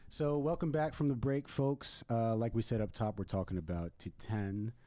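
A man hosting a movie podcast, chatting in a relaxed way and moving the show between segments. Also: medium pitch, normal speed, soft background music. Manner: relaxed, laid-back, steers the segments. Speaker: podcast host. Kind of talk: casual chat.

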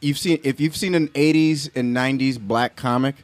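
A man's voice: medium pitch, steady tone, normal speed, no echo. A man joining a casual podcast as a guest, playful and goofy in the banter.

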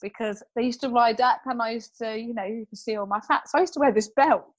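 Excitable woman telling stories. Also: on the high side, quick pace. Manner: excitable storyteller, quotes people. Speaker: guest. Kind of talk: casual chat.

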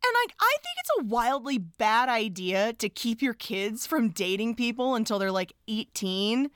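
A woman hosting a podcast, recapping a film in animated, chatty talk with frequent laughs. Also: fairly high pitch, normal speed, dry recording, studio quality. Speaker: podcast host. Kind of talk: casual film recap chat.

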